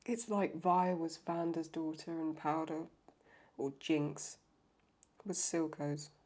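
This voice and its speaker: A woman's voice: deep voice, steady tone, takes it slowly, a little mellow. A young adult woman with a cold, reacting to a TV episode in emotional, exclamatory commentary with frequent swearing. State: sick with a cold. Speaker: reaction video host.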